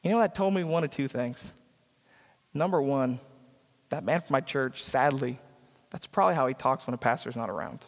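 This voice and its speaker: A man's voice: medium pitch, animated, moderate pace, pauses often. A man preaching a sermon as a pastor, driving points home with repetition and acting out the people he quotes. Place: church sanctuary. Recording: church hall reverb.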